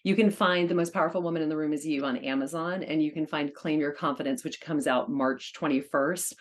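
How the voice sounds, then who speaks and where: A woman guest on an interview podcast, a charity auctioneer talking in an upbeat, energetic way. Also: low-pitched, brisk. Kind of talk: casual conversational interview.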